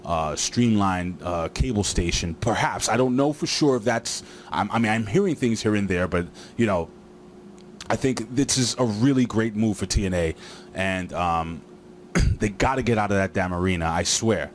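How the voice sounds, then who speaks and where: Dude rambling through a wrestling recap, lotsa ums and jokes, lowish voice. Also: male voice, normal speed, a little hiss or hum. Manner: rambling and filler-heavy, joking asides. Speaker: wrestling show reviewer. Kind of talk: casual video recap.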